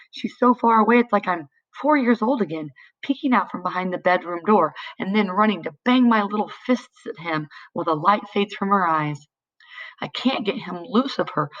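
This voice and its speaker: A woman's voice: medium pitch, a bit bright, highs cut off. A woman reading a novel aloud in first person, in a tense, dramatic way. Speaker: audiobook reader.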